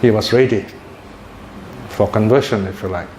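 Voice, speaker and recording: A man and Buddhist teacher telling a religious story in a talk, with lively chuckling asides. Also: fairly low pitch, moderate pace. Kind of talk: sermon-style storytelling talk. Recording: echoey room with faint noise.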